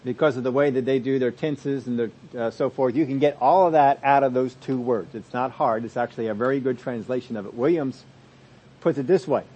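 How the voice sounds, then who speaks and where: A man preaching a sermon, explaining scripture and moving between loud emphasis and soft asides. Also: mid-range voice, fairly quick, slightly rough. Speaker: pastor.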